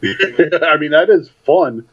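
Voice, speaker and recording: A man co-hosting a podcast who drops dry, crude one-liners between chuckles. His voice sits a little high for a man, and his audio sounds dull and lo-fi, as if the treble were muffled. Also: lively intonation, slow, a bit bright. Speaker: podcast co-host. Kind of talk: crude casual chat.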